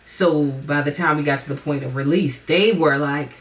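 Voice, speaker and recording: Chatty low-voiced woman podcaster. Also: moderate pace, few pauses. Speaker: content creator and podcast host. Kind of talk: casual chat.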